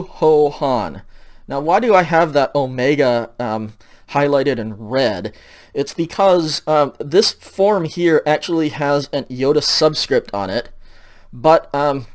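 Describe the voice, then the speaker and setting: A man giving a recorded lecture over slides, patient and explanatory, checking in often and filling pauses with ums. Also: medium pitch, a little mellow. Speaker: teacher.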